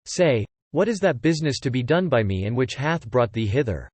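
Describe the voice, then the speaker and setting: A man's voice: medium pitch, very animated, a little fast, a little mellow, husky, no echo. A man reading the part of a dutiful king who answers in formal, courtly archaic speech. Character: dutiful male king of ancient epic.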